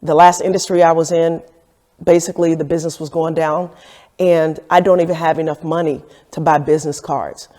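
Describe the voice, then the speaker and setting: A woman's voice: low voice, flat delivery, fairly quick, warm tone. A woman who owns a business, recounting her beginnings in a candid documentary interview and acting out the quoted dialogue. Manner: candid, reflective storytelling with acted-out quotes. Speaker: entrepreneur telling her story. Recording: echoey room with long reverb.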